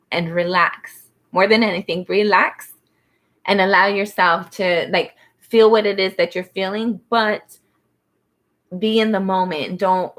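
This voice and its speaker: A woman's voice: medium pitch, fairly bright tone. A woman giving a casual spoken tarot reading, rambling and soothing, with many fillers as she talks. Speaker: tarot reader.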